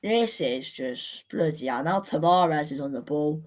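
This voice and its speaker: A woman hosting a live football watchalong, commenting in an excitable, exclamatory way with indignant rants. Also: sits low, measured pace. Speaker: watchalong host.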